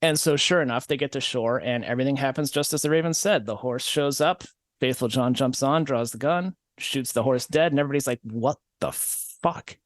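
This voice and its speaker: A man's voice: medium pitch, fairly quick, dry recording, studio quality. A man hosting a podcast, retelling a fairy tale as comedy in a wry, rambling manner. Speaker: podcast host.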